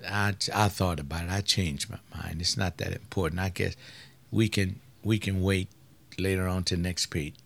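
A soothing husband speaks low and quiet, as a man acts him out. He is gentle and unhurried as he gives in to his wife. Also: fairly even intonation, gravelly.

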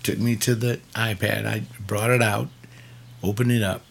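A man speaking in church, telling a story in a measured way with fillers and repeats. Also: lowish voice, little pitch movement, gravelly, breathy edge. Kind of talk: sermon-style reflection.

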